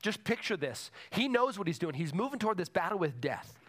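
A man's voice: high voice, very animated, fairly quick, fairly bright tone. A man preaching a sermon to a congregation in a church, emphatic and repeating his key phrases. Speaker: pastor.

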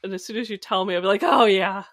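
An American woman co-hosting a podcast in casual chat, animated and quick to laugh. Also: mid-range voice, no room sound, studio quality. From United States. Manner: animated, laughs often, talks in bursts. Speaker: podcast co-host.

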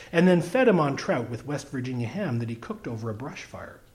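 A man narrates a humorous story aloud. His delivery is wry and expressive, and his pitch moves animatedly through each sentence. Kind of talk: storybook reading.

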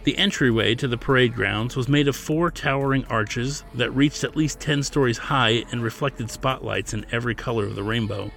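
A man, the author, narrating his science fiction novel as a scripted reading in a steady storytelling manner. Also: mid-range voice, gravelly. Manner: steady storytelling, plays character lines lightly.

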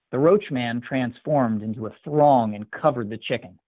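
A man reads a scripted story in a measured, even voice of middle pitch. The recording is thin and tinny, like a phone line, with no room echo. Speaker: story reader. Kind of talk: scripted narration. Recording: tinny dry phone-like sound.

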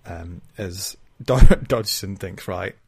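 A man's voice: sits low, takes it slowly, gravelly, breathy edge. Laughing man retelling a story. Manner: laughs often while retelling, acts out quoted lines. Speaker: podcast co-host. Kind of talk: casual chat retelling a novel.

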